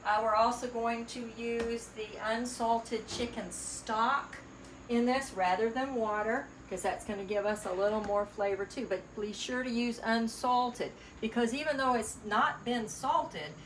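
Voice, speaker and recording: A woman's voice: fairly high pitch, measured pace, a little hiss or hum. A woman with a Southern US accent hosting a casual cooking demonstration in a home kitchen, chatting homily as she stirs and cooks. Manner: chatty, homey, talks while stirring and cooking. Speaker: cooking channel host. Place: borrowed home kitchen, indoors. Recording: echoey kitchen, distant mic, sizzling pan. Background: frying and sizzling from the stove.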